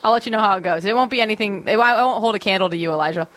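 A woman's voice: mid-range voice, racing, a bit bright. Earnest young woman student guest. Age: young adult. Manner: earnest, upbeat, some fillers. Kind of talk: radio interview.

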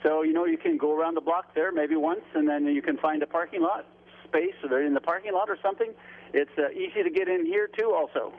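A man's voice: on the high side, brisk. Folksy man on a tinny phone line. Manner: folksy, cheerful, says "by gosh". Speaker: deli owner, phone guest. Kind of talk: casual phone chat.

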